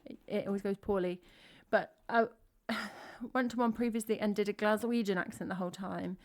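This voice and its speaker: A woman's voice: mid-range voice, fairly even intonation, fairly quick. An English woman from England, a singer-songwriter chatting casually between songs on her live stream, rambling and full of "like" fillers.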